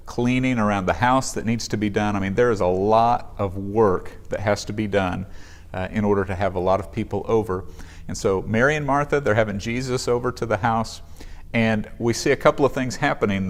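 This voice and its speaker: A male pastor giving a sermon in an earnest, conversational way in a church sanctuary. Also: lowish voice.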